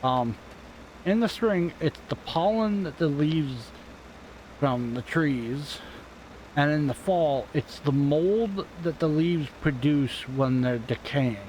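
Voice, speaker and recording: A man's voice: a little high, animated, slow pace, darkish tone, slight background noise, rough recording. A man giving casual, rambling commentary over a farming game, offhand and self-deprecating, swearing now and then. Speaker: gaming channel host. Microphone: desk microphone at home.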